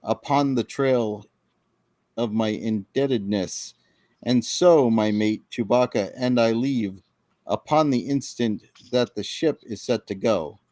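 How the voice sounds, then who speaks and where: A man's voice: mid-range voice, slow, dark tone, dry recording, close to an everyday voice. A man reading a roguish male space smuggler in Shakespearean-style verse. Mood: resolute.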